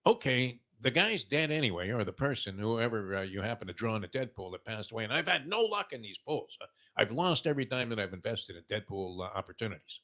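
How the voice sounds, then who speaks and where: Sixties male host, bright tense tone, meandering anecdotal delivery. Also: fairly low pitch, very animated, a little fast. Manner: rambling storyteller, heavy "uh" fillers. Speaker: morning show host. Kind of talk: casual sports talk.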